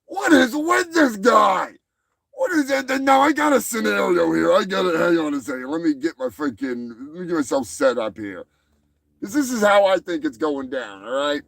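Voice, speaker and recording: A man hosting a show in a crude, profane comedy rant, mocking people and shouting when worked up. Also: high-pitched, expressive, normal speed, vocal fry. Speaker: podcast host.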